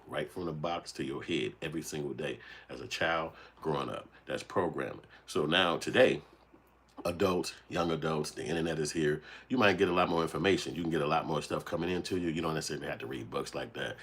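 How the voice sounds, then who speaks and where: A man ranting in a casual commentary, profane and animated, telling streetwise stories. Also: a bass voice, a little fast, slightly rough. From United States. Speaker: commentary show host.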